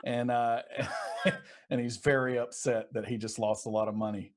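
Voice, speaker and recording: A relaxed man plays a tabletop game, easily describing what his character does. His delivery is casual and unhurried. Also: mid-range voice, slight background noise. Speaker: player.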